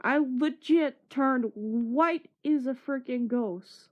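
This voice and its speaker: A woman with a high voice spins a rambling, profanity-laced story in casual chat, laughing between lines. The sound is dull and lo-fi, like muffled stream audio. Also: slow. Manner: rambling, swearing, laughing while telling a story.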